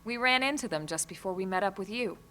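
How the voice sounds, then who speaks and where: An actress playing a steady, capable squad leader who talks in a brisk, level-headed way. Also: female voice, medium pitch. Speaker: game character, squad leader. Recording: game audio with faint music.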